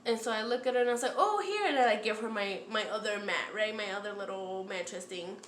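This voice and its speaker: A woman's voice: medium pitch, steady tone, fast talker, reverberant, a little hiss or hum. A woman in a casual storytime vlog, chatty and profane, full of "like" and acted-out quotes. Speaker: storytime vlogger.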